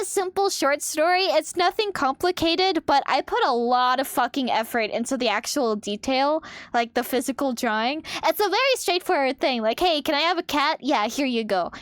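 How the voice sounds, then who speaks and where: A young woman chatting casually on her art stream, animated and expressive, swearing freely. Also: sits high, no echo.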